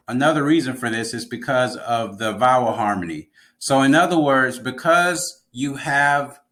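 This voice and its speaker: A man's voice: medium pitch, fairly bright tone. A man teaching an online language lesson, explaining patiently and repeating key words.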